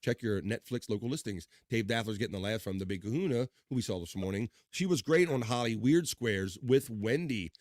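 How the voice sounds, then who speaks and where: A man's voice: on the low side, lively intonation, brisk, few pauses, a little mellow, no echo, studio quality. A man hosting a livestream, chatting casually, reading out chat and joking with rambling, profane asides. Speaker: livestream host.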